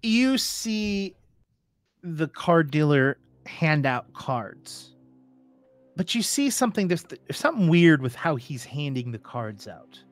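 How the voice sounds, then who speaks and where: Man, game master, lively pitch, casual narration, faint music behind. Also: takes it slowly. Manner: casual, with restarts.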